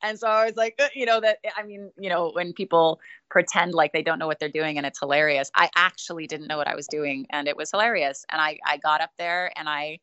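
Low-voiced woman, chatty storyteller. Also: fairly even intonation, a little fast, sharp tone, smooth, lo-fi sound. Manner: chatty, laughs often, self-deprecating. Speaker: street performer guest. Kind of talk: casual interview storytelling.

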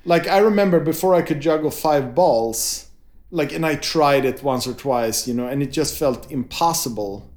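A man's voice: on the high side, moderate pace, a little mellow. A man in casual conversation as interviewer, thoughtful and searching for the right words.

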